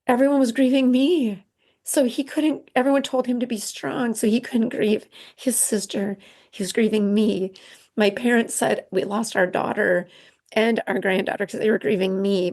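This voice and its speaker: A middle-aged woman speaks as a podcast guest with a voice that sits a little high. She tells her personal story earnestly and haltingly, often stopping and restarting her sentences. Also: a little mellow.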